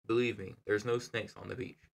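A man's voice: mid-range voice, moderate pace, a bit bright, a little hiss or hum, natural voice. A man doing a confident, joking family father. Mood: reassuring. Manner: reassuring, firm.

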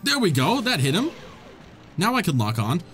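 A man's voice: sits high, wildly swooping pitch, moderate pace, fairly bright tone, faint music behind. A young man hosting a let's-play, commentating casually and joking back at the game's characters. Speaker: gaming channel host.

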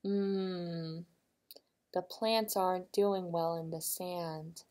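A woman librarian reading a picture book aloud to young children, gently asking them questions. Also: lowish voice, steady tone, very slow.

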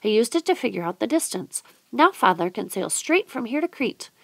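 A woman's voice: on the high side, moderate pace, gravelly, no echo, pitched above the performer's own voice, heavily acted. Brief: a woman reading as an eager young boy, storybook read-aloud, dry close sound. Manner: excited, wondering.

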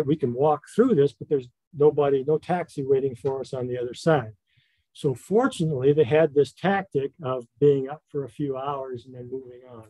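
A man giving a casual slide talk as guest speaker, telling a travel story in a relaxed way with many fillers. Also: medium pitch, dry recording, rough recording.

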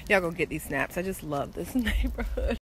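A woman talking casually into her phone while sitting in her truck and walking outdoors, chatty and animated, swearing freely. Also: on the low side, moderate pace, husky. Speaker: vlogger. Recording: outdoor noise and traffic.

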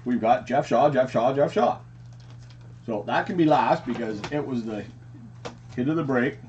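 A man chatting casually while he opens a package of trading cards, getting excited over each hit. The recording is a little dull, with a faint hum behind him. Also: mid-range voice, moderate pace. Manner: excited, says "frickin' sick". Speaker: card collecting channel host. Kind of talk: casual card unboxing chat.

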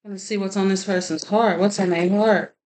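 A woman's voice: medium pitch, steady tone, normal speed, darkish tone. A woman giving a chatty tarot reading, praying aloud and often laughing. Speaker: tarot reader. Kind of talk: casual tarot reading to camera.

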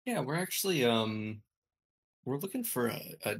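A man's voice: medium pitch, sing-song, normal speed, slightly rough. A man playing his character in a tabletop game, playful and joking. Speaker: player. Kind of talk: tabletop role-play.

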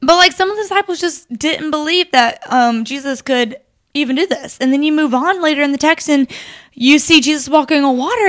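A young woman co-hosting a faith podcast, talking in an animated, chatty way with lots of fillers. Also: high voice, a little fast. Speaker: podcast co-host. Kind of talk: casual faith discussion.

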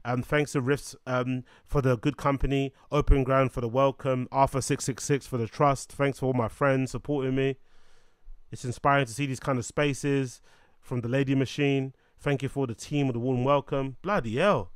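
A man hosting a show, chatting in an animated, joking way with frequent swearing. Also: mid-range voice, moderate pace, smooth, dry recording, clean studio sound. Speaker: show host. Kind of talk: casual commentary.

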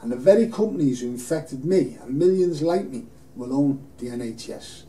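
A man's voice: mid-range voice, expressive, normal speed, dark tone. A man speaking unscripted and emotionally in a film studio, rambling and earnest. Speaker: campaigner making an appeal video. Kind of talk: unscripted personal appeal. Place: film studio in front of a green screen. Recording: roomy, distant mic, faint hiss.

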